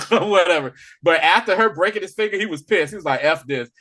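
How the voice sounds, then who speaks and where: A man co-hosting a podcast, casually recapping a TV episode in animated storytelling, acting out the characters' lines. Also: sits high, fairly quick. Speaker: podcast co-host. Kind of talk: casual spoiler review chat.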